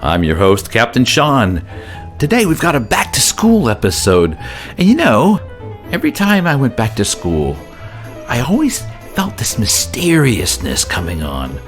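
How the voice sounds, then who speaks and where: A man hosting a children's story podcast, introducing the episode in a playful, animated way. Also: medium pitch, unhurried. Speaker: podcast host. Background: music.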